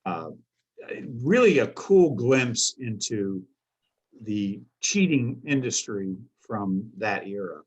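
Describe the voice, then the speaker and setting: Low, husky man talking haltingly. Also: very animated, darkish tone, rough recording. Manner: halting, many restarts. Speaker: collector on a panel. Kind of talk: casual panel chat.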